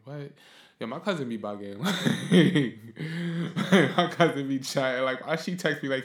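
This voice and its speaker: A man's voice: mid-range voice, lively intonation, moderate pace, reverberant. A man hosting a podcast, giving blunt opinions in a casual monologue and ranting heatedly with lots of swearing. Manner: blunt, profane, heated ranting that flares up loud. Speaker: podcast host.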